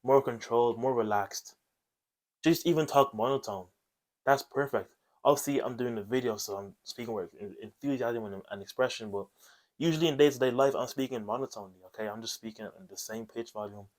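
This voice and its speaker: A man gives blunt, coaching advice straight to camera. His voice sits at an ordinary middle pitch, and he tags his points with "okay?" and casual swearing. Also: fairly quick, a little mellow. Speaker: self-improvement video host. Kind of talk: direct-to-camera advice monologue.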